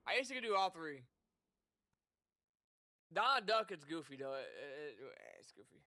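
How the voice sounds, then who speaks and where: A young man chats while streaming a game, loose and profane, breaking into laughs as he talks. His voice sits high for a man and bright, swinging widely in pitch. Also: big pitch swings, a little slow, dry recording. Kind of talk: casual gameplay commentary.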